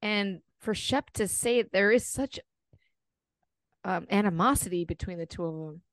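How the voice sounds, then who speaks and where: A woman's voice: medium pitch, moderate pace, no echo. A woman co-hosting a podcast, chatting casually with blunt opinions. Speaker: podcast co-host. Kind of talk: casual chat.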